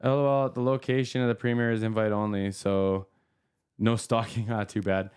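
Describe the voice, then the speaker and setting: A man's voice: on the low side, flat delivery, normal speed, a little mellow, smooth. A man hosting a podcast live stream, talking casually, full of fillers and easy laughs. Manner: chatty, laughs easily, many fillers. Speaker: podcast host.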